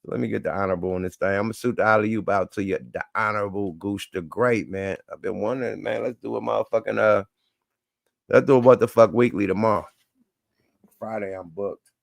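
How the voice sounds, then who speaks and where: A man's voice: on the low side, fairly even intonation, fairly quick, creaky, dry recording, clean studio sound. A man hosting a casual livestream chat, talking in loose, profane, laughing banter. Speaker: livestream show host.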